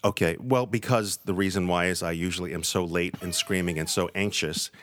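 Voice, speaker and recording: A man's voice: sits low, fairly even intonation, fairly quick, a bit bright, a little hiss or hum. A man co-hosting a podcast in a playful, theatrical way. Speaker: podcast co-host. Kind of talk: casual podcast chat.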